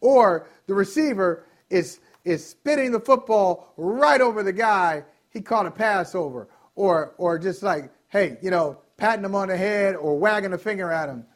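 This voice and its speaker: Sports radio co-host, man, higher-pitched, argues his point at length. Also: moderate pace, few pauses. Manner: argumentative, explaining in long runs.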